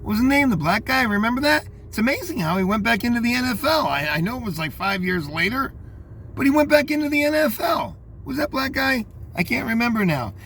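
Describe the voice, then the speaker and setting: A man's voice: very high-pitched, very animated, a little fast, a bit bright, a little hiss or hum. An older man reading out news headlines and commenting on them in a rambling, scornful way, talking straight to his listeners.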